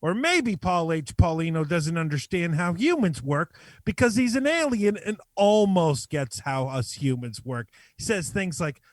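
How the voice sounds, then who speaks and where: A podcast co-host man with a somewhat high, lively voice reads a prepared joke statement word for word. He keeps a mock-serious, deadpan delivery. The sound is dry and close. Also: unhurried, hardly any pauses, no echo. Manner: mock-dramatic, deadpan reading. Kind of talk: reading a prepared comedic bit.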